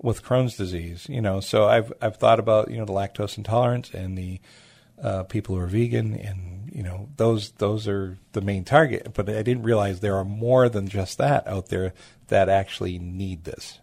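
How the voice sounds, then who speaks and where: A man, a food truck owner telling stories as a guest in a casual interview, animated and acting out the people he quotes. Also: lowish voice, normal speed, gravelly, no echo. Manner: animated, acts out quoted voices.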